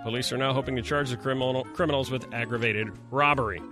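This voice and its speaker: A man's voice: medium pitch, steady tone, fast talker, over music. A man hosting a morning radio show, teasing his co-hosts and quizzing them in casual banter.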